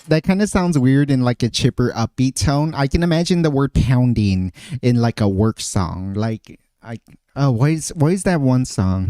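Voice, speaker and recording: A man's voice: medium pitch, dark tone, smooth, dry recording, studio quality. A man streaming casually, thinking aloud, often trailing off and restarting his phrases. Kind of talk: casual livestream chat.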